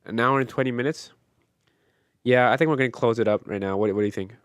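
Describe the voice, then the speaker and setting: A man's voice: mid-range voice, quick pace, clean tone, dry recording, clean studio sound. A man co-hosting a casual podcast, easygoing as he chats and wraps up the episode. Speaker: podcast co-host. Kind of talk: casual chat.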